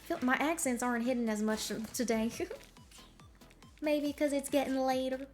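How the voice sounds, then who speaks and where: A woman's voice: sits high, measured pace, faint music behind. A woman streamer chatting casually with her viewers while gaming, bubbly and giggly, full of slang.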